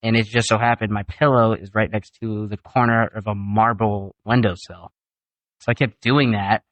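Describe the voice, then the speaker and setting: Young adult son guest, animated storyteller, casual swearing, dry mic. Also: male voice, on the low side, normal speed, no echo. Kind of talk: casual family podcast chat.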